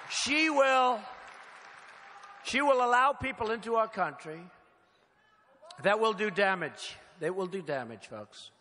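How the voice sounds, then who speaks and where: In a large hall with a faint crowd audible, an older political candidate gives a campaign rally speech into a podium microphone. His high, expressive voice is pushed and bright, moving slowly with long pauses through short punchy phrases that are emphatic and repetitive. Long hall reverb and faint noise fill the recording.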